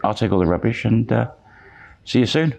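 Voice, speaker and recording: A man's voice: mid-range voice, expressive, a little fast, vocal fry, a little mellow, a little hiss or hum, pitched above the performer's own voice. A man voicing a displeased young actress, speaking in clipped, curt farewells.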